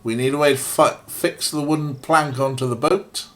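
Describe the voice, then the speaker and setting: A man's voice: mid-range voice, steady tone, normal speed, fairly bright tone. A man casually playing a point-and-click game, reading its text aloud with wry, self-mocking remarks. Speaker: let's play streamer.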